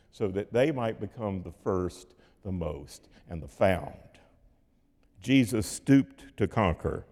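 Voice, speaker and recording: A man preaching a sermon in a measured, rhetorical way, with dramatic pauses and dips in volume. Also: on the low side, gravelly. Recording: long hall reverb.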